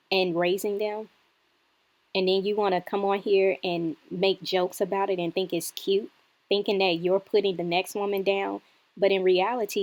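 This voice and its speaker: A woman's voice: medium pitch, a little mellow. A woman with an ordinary mid-range voice delivers critical reaction commentary, indignant and lecturing. She stretches out key words for emphasis and scolds steadily. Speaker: reaction channel host.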